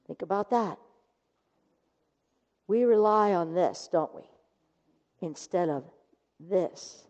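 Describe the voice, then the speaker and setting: A woman's voice: lowish voice, slow pace, long pauses, a little mellow. A woman minister giving a sermon, telling a story and acting out the voices of its people. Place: church sanctuary. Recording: dull sound with long hall reverb.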